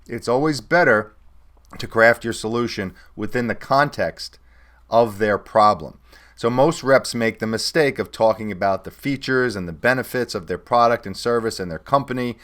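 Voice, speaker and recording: A middle-aged man teaching a recorded sales course, now and then acting out sample phone calls in a brighter voice. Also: mid-range voice, normal speed. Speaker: sales trainer.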